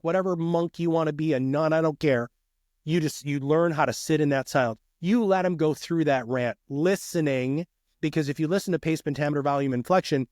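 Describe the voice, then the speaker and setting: A man who is a guest on a podcast, talking in an energetic and emphatic way and often calling the host dude. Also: on the high side, no room sound, studio quality. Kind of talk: casual podcast conversation.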